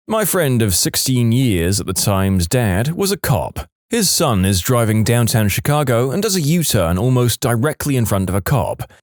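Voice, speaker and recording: A male narrator reads out online stories with a wry, scripted storytelling delivery. His voice sits at a middle pitch and swings up and down with lively intonation. The sound is dry and close, with no room echo.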